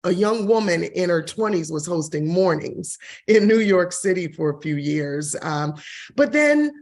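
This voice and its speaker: A woman in her forties, a real estate broker and TV host, telling her career story in an interview, expressive and quick to laugh. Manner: expressive, laughs often, shifts pitch when quoting others. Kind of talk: interview answer, personal story.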